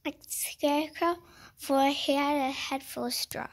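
High-voiced woman reading a storybook aloud; casual, stumbling and self-correcting, chatty asides. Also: steady tone, a little slow. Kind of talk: casual picture-book read-aloud.

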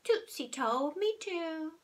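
A woman's voice: very high-pitched, expressive, slow pace, pitched above the performer's own voice, heavily acted. A woman reading a storybook aloud, voicing a cheeky little boy who sweet-talks in a wheedling, sing-song, innocent manner.

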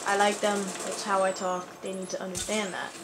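A woman giving chatty, excitable let's play commentary at home, talking back at the enemies on screen. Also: mid-range voice, brisk, background noise. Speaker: gaming YouTuber.

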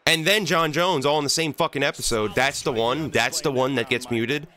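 A man's voice: mid-range voice, normal speed, pushed and bright, no room sound. A man hosting a gaming channel, angrily venting and swearing as he plays through a fighting game. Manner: exasperated, profane venting. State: angry. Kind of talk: let's play commentary.

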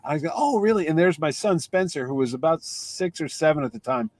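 Animated storytelling man, slightly high voice. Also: fairly quick, no room sound. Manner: animated anecdote teller, acts out voices in quotes. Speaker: comic convention organizer. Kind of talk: casual storytelling.

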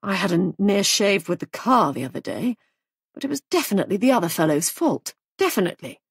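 A woman voicing a young husband who talks in a gloomy, matter-of-fact way, dropping her voice lower. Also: big pitch swings, fairly quick, vocal fry, husky, no room sound, clean studio sound, full character voice.

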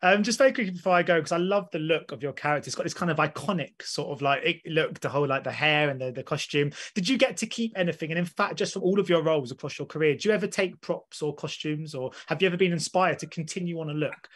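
A man's voice: fairly high pitch, fast talker, hardly any pauses, a bit bright. A man from England with an English accent, asking friendly questions as an interviewer and laughing often.

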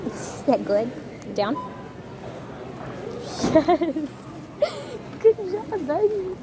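A woman's voice: high voice, big pitch swings, drawn-out words, over music. A young woman vlogging with her service dog. She coos at him in a sing-song baby voice and gives him short commands. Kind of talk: casual vlog, giving dog commands. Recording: background noise.

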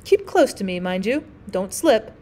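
A woman doing a soft-spoken old grandmother. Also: mid-range voice, sing-song, unhurried. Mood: soft, fussing. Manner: soft, fussy, loving. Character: old, gentle grandmother, agitated.

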